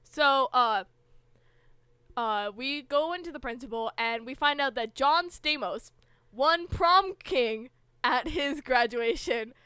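A woman's voice: high-pitched, slow pace, pushed and bright, clean tone, dry recording. A young woman co-hosting a podcast, chatting casually and bluntly while she recaps a show. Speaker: podcast co-host.

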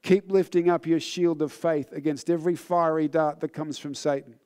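Man preaching, fairly high pitch, earnest, a little tired, fervent then solemn. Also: fairly even intonation, moderate pace, a little mellow, clean tone. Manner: earnest, builds in intensity then drops low and solemn. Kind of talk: sermon with personal testimony.

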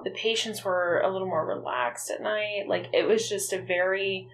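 A woman's voice: mid-range voice, normal speed, a bit bright. A woman co-hosting a podcast in casual chat, talking candidly and bluntly and swearing freely. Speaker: podcast co-host.

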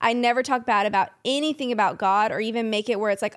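A woman appearing as a guest on her husband's podcast, chatting casually and softly in a studio. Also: on the high side, quick pace. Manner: soft-spoken, agreeable, backchannels often. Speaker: podcast guest, host's wife. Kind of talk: casual chat.

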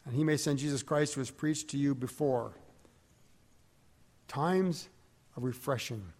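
A man's voice: medium pitch, a little slow, darkish tone. Preaching man in a reverberant hall. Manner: reads scripture aloud with rising emphasis, digresses and corrects himself. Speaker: pastor. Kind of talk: sermon.

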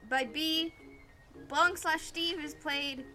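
A woman's voice: high-pitched, slow pace. A woman narrating as game master of a tabletop game, cheerfully wrapping up with sign-off plugs. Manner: friendly, animated outro plugs.

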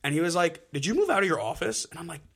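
A young man with a bright, forward voice, a little higher than most. He talks casually on a podcast, fills his sentences with "like" and restarts, and sounds earnest. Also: big pitch swings, rapid-fire. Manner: rambling, filler-heavy, earnest. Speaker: podcast co-host. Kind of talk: casual chat.

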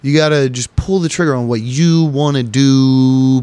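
Guy riffing alone on his own podcast, swears a lot, jokey, mid-pitched voice, dry close mic. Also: moderate pace, few pauses, dark tone, clear, resonant tone, no room sound. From United States. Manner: profane, rambling, joking. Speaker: podcast host. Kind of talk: casual solo podcast monologue.

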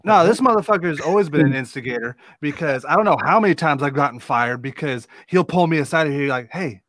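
A man's voice: a little high, lively intonation, quick pace, fairly bright tone, no room sound. Rowdy man telling wrestling stories. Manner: rowdy, swears freely. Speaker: guest, wrestler. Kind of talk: casual storytelling.

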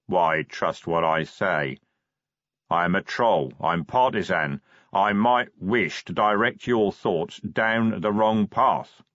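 A man voicing a clever male troll who speaks quietly and patiently, like a school teacher. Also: deep voice, dry recording, muffled recording. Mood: calm, measured. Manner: measured, patient, lightly teasing.

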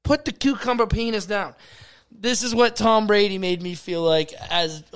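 A man co-hosting a casual podcast, giving blunt, crude opinions and muttering low asides. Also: moderate pace, a bit bright, clean tone. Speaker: podcast co-host. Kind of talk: casual chat.

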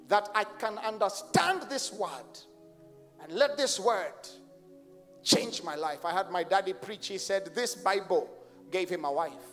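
A man preaches with rising fervor, his very high voice pushing into shouts as he leads the congregation in responses. His words ring out with a long stadium echo. Soft music plays underneath. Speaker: pastor. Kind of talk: sermon. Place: large stadium crusade.

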